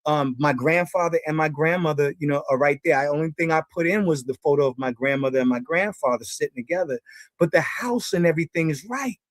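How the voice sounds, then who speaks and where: A man chatting casually on a livestream, talking in a loose, halting way. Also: on the high side, dry recording. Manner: casual, halting, hesitant restarts.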